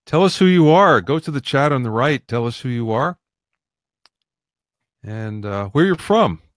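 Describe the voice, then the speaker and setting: A man co-hosts a live webinar and speaks to the audience casually. His voice is mid-pitched and sounds dry and close. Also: lively intonation, measured pace, dry recording.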